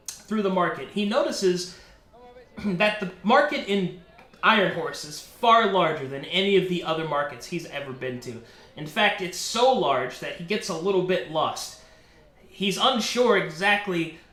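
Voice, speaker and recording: A man narrating a tabletop game as game master, telling the story in an unhurried way with fillers. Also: high voice, bright, forceful tone. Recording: echoey room.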